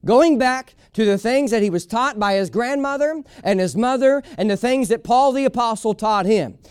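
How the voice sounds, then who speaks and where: A man's voice: very high-pitched, moderate pace, smooth, no echo, clean studio sound. A man preaching a sermon as a pastor, emphatic and folksy, repeating his key lines for weight.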